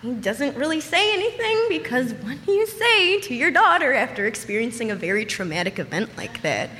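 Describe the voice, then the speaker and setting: A young woman telling a personal story in a casual, animated way, swearing often and acting out panicked quotes. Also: high voice, fairly quick, in a large hall.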